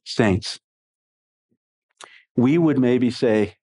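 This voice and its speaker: A man preaching a sermon in an animated, expressive way, swinging between excited bursts and quiet, hushed passages. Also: a little high, measured pace. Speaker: pastor.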